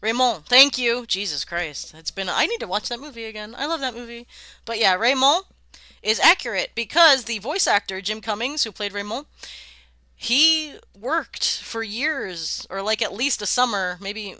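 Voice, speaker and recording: Woman streamer, unhurried delivery, talky, cursing and laughing, dry sound. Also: on the high side, pushed and bright, no echo. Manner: chatty, swears freely, laughs often, sounds out words. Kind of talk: casual live-stream chat while worldbuilding.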